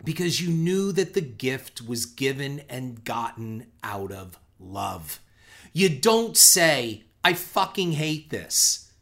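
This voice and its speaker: A man's voice: on the high side, a bit bright. A middle-aged man giving a reflective, conversational film commentary, earnest in tone, who often restarts on repeated words and swears casually.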